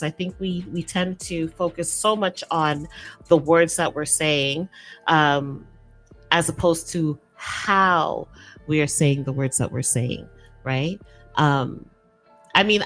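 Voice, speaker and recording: A woman hosting a podcast, talking casually and emphatically, often repeating her words. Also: sits low. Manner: animated, emphatic, repeats herself. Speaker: podcast host. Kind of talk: casual solo talk on a livestreamed podcast.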